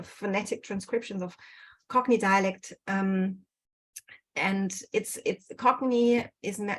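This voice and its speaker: Casting note: woman presenter, mid-pitch, hesitant, filler-heavy delivery, video-call audio. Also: rough recording. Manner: hesitant, many fillers and restarts. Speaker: guest researcher. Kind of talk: online presentation. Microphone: computer mic on video call.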